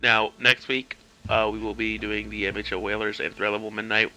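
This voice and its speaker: A man from Canada runs a casual gaming league podcast. His voice is strikingly bright and tense, and he laughs easily and rolls through the show's segments loosely. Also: lowish voice, flat delivery, a little fast, low-quality recording. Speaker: podcast host.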